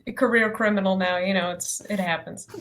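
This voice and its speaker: A woman player chatting in and out of character at a tabletop game, rambling with deadpan jokes. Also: medium pitch, fairly quick.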